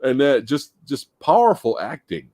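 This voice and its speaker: A man hosting a casual movie podcast, talking in an animated way and laughing as he goes. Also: mid-range voice, a little slow, no echo, studio quality. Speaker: podcast host.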